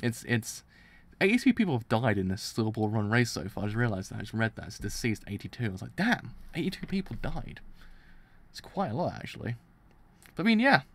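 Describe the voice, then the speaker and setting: A young man streaming a live reaction, excitable, who swears and restarts his sentences while his throat is dry and sore. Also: fairly low pitch, fast talker, gravelly.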